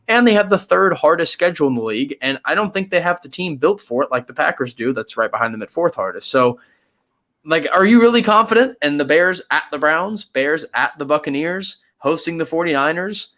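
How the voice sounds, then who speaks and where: A young man co-hosting a casual sports podcast, hesitant and hedging, sometimes drawing words out and sometimes rushing. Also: fairly high pitch, lively intonation, a bit bright. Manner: hesitant, hedging, pace swings from drawn-out to quick. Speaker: podcast co-host.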